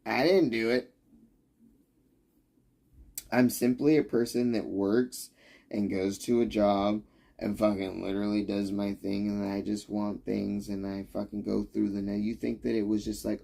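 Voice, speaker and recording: A man's voice: lowish voice, fairly even intonation, moderate pace, vocal fry, dark tone. A young man from the United States ranting sarcastically and profanely at his livestream chat.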